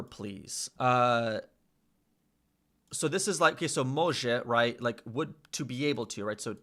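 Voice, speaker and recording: A young man thinking aloud as he studies a language, correcting himself and slowly sounding out foreign words. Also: mid-range voice, a bit bright. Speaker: vlogger learning a language. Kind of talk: casual thinking-aloud study session.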